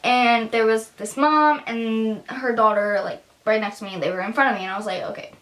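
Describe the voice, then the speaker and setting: Her voice is a little high and fairly bright, with brisk delivery and fairly even intonation. The speaker is a teen girl chatting through a storytime vlog, sprinkling in "like" and performing other people's lines.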